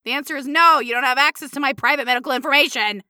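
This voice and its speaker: Woman, high lively voice, sassy podcast co-host, bright tone. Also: rapid-fire, no echo, studio quality. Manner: sassy, emphatic retorts. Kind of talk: casual podcast chat.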